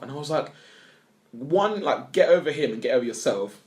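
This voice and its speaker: Fast-talking blunt young man. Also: mid-range voice, animated, darkish tone. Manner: blunt, swears, ranting. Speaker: podcast co-host. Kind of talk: casual chat.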